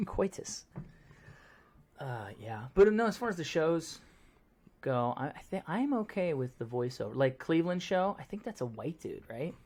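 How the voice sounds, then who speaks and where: A man's voice: fairly high pitch, big pitch swings, a little slow, pauses often, darkish tone, a little hiss or hum. A man co-hosting a podcast, chatting casually and telling jokey stories. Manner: chatty, storytelling, joking. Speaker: podcast co-host. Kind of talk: casual chat.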